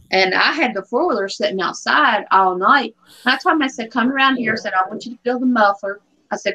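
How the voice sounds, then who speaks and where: A woman's voice: a little high, highs cut off. A woman chatting casually, telling a story and acting out the dialogue. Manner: animated, acts out quoted dialogue.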